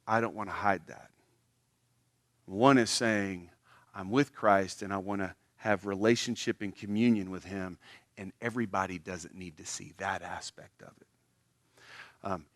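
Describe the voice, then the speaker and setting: This studio-quality, dry recording captures a pastor with a lowish voice preaching at church. Animated throughout, he acts out small everyday scenes, his voice jumping up as he plays them.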